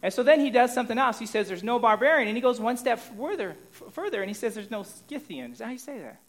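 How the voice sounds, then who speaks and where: A pastor preaches in a conversational style, regularly checking in with his audience and shifting between loud emphasis and quiet asides. His voice is very high-pitched, and he's animated and quick.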